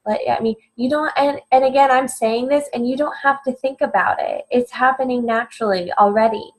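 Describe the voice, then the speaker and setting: A woman's voice: on the high side, brisk, poor audio. Earnest woman in spiritual chat. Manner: earnest, repetitive, emphatic. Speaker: guest. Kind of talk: spiritual conversation.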